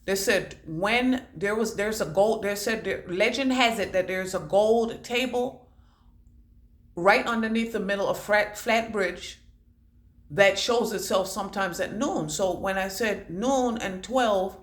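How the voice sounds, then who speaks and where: A woman giving a channelled oracle card reading. She rambles and repeats words in chanting bursts, swinging between low murmurs and loud declarations. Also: measured pace. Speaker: psychic oracle card reader. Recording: echoey room.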